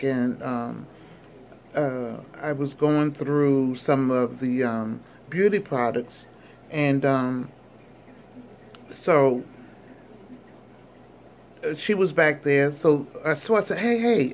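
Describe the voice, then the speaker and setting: A woman in her sixties telling a personal story in a chatty, animated vlog, with many fillers. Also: deep voice, slight background noise. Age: 60s. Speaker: vlogger.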